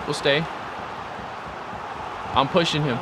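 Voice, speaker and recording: A young man commentating his own football video game, chatty and excitable, urging and scolding the players on screen. His voice sits a little high. Steady background noise fills the recording. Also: slow pace. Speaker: gaming video creator. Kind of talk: live gameplay commentary.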